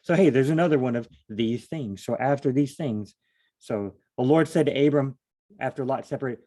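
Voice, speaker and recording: Man hosting a casual Bible study, mellow tone, rambling and self-deprecating. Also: mid-range voice, brisk.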